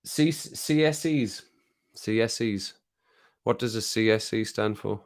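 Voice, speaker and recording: A middle-aged man from the English Midlands, speaking with his local accent in a lowish voice. He chats casually to viewers on a home livestream, rambling from one thing to the next and chuckling along the way. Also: slow. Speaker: livestream host. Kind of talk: casual chat with live viewers. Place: home streaming room.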